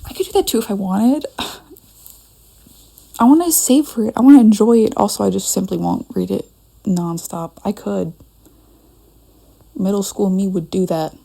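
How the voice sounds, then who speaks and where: Young woman, gravelly and mellow, casual rambling vlog at home to camera, scattered and self-talking. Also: medium pitch, moderate pace, pauses often. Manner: chatty, scattered, talks to herself. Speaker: fan fiction vlogger. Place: dim room at home.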